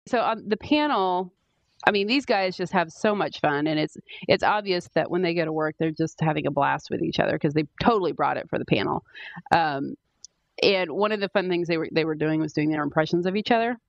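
A woman's voice: sits low, brisk, vocal fry, no echo, dull audio. A woman co-hosting a podcast in casual chat, chatty with many fillers and restarts. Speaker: podcast co-host.

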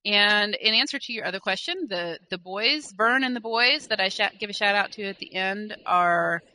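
A woman's voice: mid-range voice, normal speed, bright, forceful tone. A woman co-hosting a podcast, chatting casually and reading listener mail, rambling with fillers and self-corrections. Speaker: podcast co-host.

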